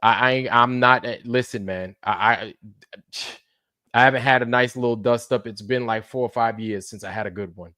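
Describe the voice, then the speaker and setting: A man in a heated livestream rant, cursing freely and circling back over the same points. His voice drops to low mutters, then jumps up into loud bursts. The sound is dry and close, with no room echo. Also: steady tone, normal speed. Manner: profane, repetitive, swings between muttering and shouting. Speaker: live streamer.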